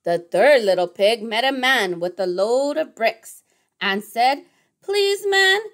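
A woman teacher reading a children's storybook aloud, expressive and asking little questions along the way. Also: mid-range voice, unhurried. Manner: expressive, gasping with surprise, asks questions.

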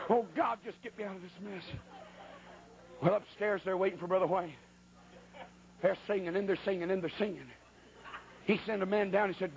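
A man preaching a sermon, telling a comic story with folksy, animated, exaggerated delivery. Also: high-pitched, a little hiss or hum, poor audio.

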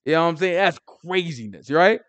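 A man's voice: fairly high pitch, lively intonation, a little fast, a bit bright, no room sound. A man giving casual, emphatic Bible teaching, full of rhetorical questions and conversational asides. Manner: frequent "you know what I'm saying". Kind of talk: casual street-style teaching.

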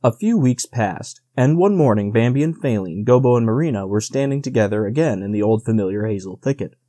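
A man narrating an audiobook in a measured, steady reading. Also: fairly low pitch, no echo, studio quality.

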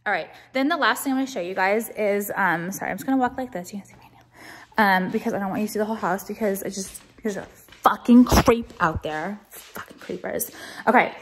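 A young woman vlogging casually at home on a phone camera, swearing often and talking in quick, restarting bursts full of "like". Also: medium pitch. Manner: chatty, profane, full of "like" and restarts. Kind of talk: casual vlog chat. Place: at home, walking through rooms.

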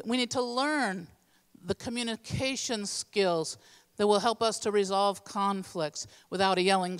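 Woman, church teacher, plainspoken, practical, smooth clear voice, long hall reverb. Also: mid-range voice. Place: church sanctuary.

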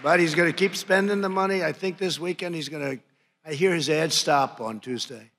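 Before a crowd in a large conference hall, a seventy-something man works a podium microphone, bragging, mocking, repeating his punchlines and dishing out nicknames in a rally speech. His pitch is fairly high, his tone fairly bright, and his delivery brisk. The recording has hall reverb and crowd and room noise.

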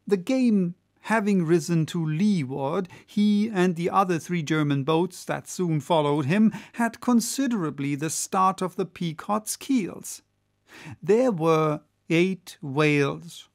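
Audiobook narrator, measured, slow delivery, dry close mic. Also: medium pitch, vocal fry, no room sound. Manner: measured, unhurried reading.

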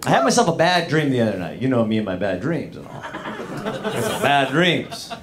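A man's voice: mid-range voice, wildly swooping pitch, moderate pace, fairly bright tone. A man doing stand-up comedy in the back room of a bar, rambling about his small-town life and talking straight to the audience. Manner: rambling small-town persona, talks to the crowd. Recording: live crowd in a bar. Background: audience laughing.

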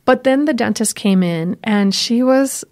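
A woman co-hosting a podcast, telling a personal story in a casual, animated way, laughing often and acting out the voices she quotes. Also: fairly high pitch, measured pace. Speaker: podcast co-host.

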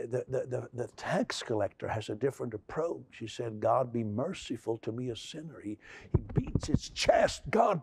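A man delivers a sermon in a gravelly, husky voice. He stumbles over repeated restarts, then pushes into emphatic, raised stretches. The sound is dry and close. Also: mid-range voice, mellow, dry recording. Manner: repetitive stammering restarts, rising to emphatic outbursts. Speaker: pastor.

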